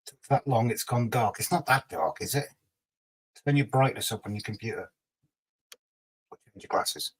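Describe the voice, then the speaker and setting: A man's voice: medium pitch, normal speed, long pauses, husky, rough recording. A man hosting a casual livestream, reading out viewer comments and teasing them in a chatty way. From Scotland. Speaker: livestream host.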